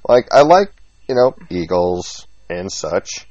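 A man's voice: low voice, slow, no echo. A man co-hosting a podcast in casual chat, teasing his friends and hamming it up. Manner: animated, teasing, mock-dramatic. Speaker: podcast co-host. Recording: dull lo-fi, dry sound.

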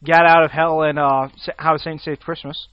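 A man with a high speaking voice chats casually about games, opinionated and quick to laugh. The sound is dry and a bit dull, as if from a cheap mic. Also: level tone, clean tone, no echo. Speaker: podcast co-host.

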